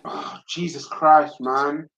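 A man's voice: fairly high pitch, steady tone, slow pace. Blunt young man, dull recording. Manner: blunt, sweary, slangy. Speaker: football fan co-host. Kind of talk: casual chat, reacting to a football match. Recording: dull sound with faint noise.

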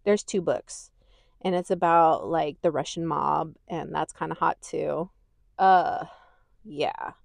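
A woman with a lowish voice talks loosely on her own podcast, rambling and gushing with a laugh never far away. She swears freely and keeps it casual. The sound is dry and close, with no room around her. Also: slow, creaky, dry recording. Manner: laughs easily, gushing and animated. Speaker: podcast host. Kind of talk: casual chat.

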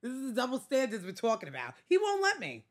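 Woman, Staten Island accent, podcast co-host; animated, exclamatory, wide-ranging pitch. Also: quick pace. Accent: Staten Island New York. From Staten Island, New York. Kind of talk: casual chat.

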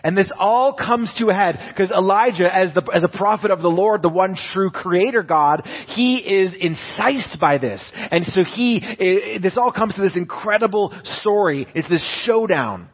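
A young male pastor preaches in a relaxed, storytelling way. He restarts phrases often and leans hard on key words. His voice sits a little high, and the recording sounds dull and lo-fi. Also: normal speed, few pauses, breathy edge. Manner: conversational storytelling, many restarts, stress on words. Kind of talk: sermon.

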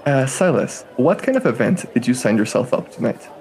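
A man's voice: mid-range voice, very animated, fairly quick, a little mellow, slight background noise. A man running a tabletop game as game master, narrating casually and animatedly with laughs.

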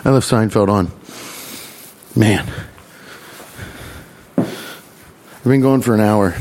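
A man's voice: fairly low pitch, a little mellow. A male comedian rambling casually in a joking, profane way while vlogging.

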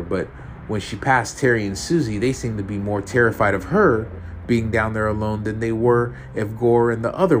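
A man's voice: fairly low pitch, a little hiss or hum. A man narrating a first-person horror story, tense and profane.

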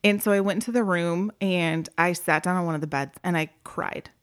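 A woman speaking in a casual podcast chat, telling an emotional story and slowing down, going soft at the heavy moments. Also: fairly low pitch. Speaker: former group home worker.

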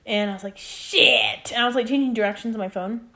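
A woman's voice: fairly high pitch, brisk, gravelly, bright, forceful tone. A woman in her twenties, a podcast co-host, chatting casually and telling stories full of "like" and acted quotes. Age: 20s. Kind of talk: casual chat.

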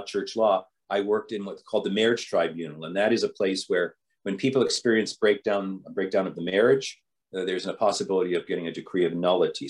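A man, a bishop telling stories from his life in an interview, rambling with frequent restarts. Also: sits low. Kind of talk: storytelling in an interview.

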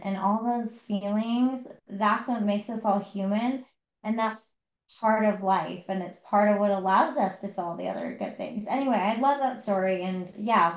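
A woman's voice: mid-range voice, lo-fi sound. Chatty woman retelling a book, echoey. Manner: retelling a story with many fillers. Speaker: podcast co-host. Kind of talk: casual book discussion.

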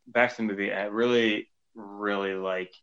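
A man's voice: fairly low pitch, steady tone, moderate pace, fairly bright tone, highs cut off. A man co-hosting a podcast, casually chatting about a movie and acting out lines from it. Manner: easygoing, acts out quoted lines. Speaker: podcast co-host.

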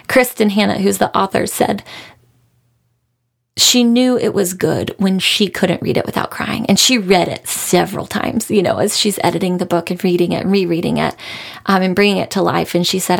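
Woman, podcast host, gravelly fry in her voice, earnest and emotional. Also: mid-range voice, moderate pace. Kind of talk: casual book review monologue.

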